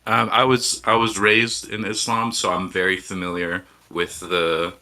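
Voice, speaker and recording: A man speaking as a guest on a live show, giving measured, reflective answers with frequent pauses and restarts. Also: low-pitched, level tone, pushed and bright, poor audio. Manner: hesitant, with frequent ums and restarts.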